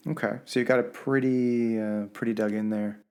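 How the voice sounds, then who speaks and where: A man's voice: mid-range voice, little pitch movement, moderate pace, darkish tone, smooth. A man with a Canadian accent hosting a podcast interview, asking rambling, joking questions. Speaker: podcast host. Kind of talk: casual interview chat.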